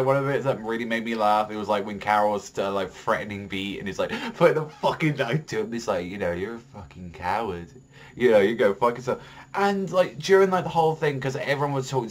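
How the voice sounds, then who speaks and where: A young male vlogger gives a profane, rambling review of a TV episode. His voice sits at an ordinary middle pitch, and his delivery is loose, heated and full of fillers. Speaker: TV show reviewer. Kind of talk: casual ranting review vlog.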